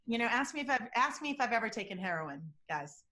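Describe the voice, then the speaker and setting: Animated woman explaining lie detection. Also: quick pace. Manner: lively, acts out quoted voices with big pitch jumps. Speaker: guest expert on lie detection. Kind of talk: animated interview talk.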